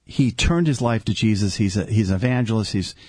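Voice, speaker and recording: A man's voice: on the low side, brisk, a little mellow, husky, dry recording. A man hosting a religious talk show as a deacon, telling stories earnestly and with animation.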